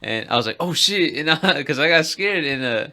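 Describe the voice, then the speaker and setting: A man's voice: a little high, expressive, normal speed, crowd noise. A man co-hosting a podcast, laid-back and laughing as he tells a story in a casual chat. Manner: laid-back, laughing, says bro a lot. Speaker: podcast co-host.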